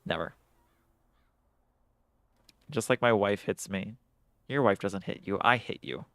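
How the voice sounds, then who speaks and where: A man's voice: lowish voice, unhurried, fairly bright tone, no echo. A man streaming a game, chatting casually with lots of swearing, self-mocking jokes and laughter. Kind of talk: casual gameplay commentary.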